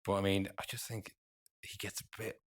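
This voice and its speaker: A man co-hosting a podcast in casual chat, talking in an animated way and acting out what pundits said. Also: low voice, very noisy. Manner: rapid, animated, acts out quotes from pundits. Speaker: podcast co-host.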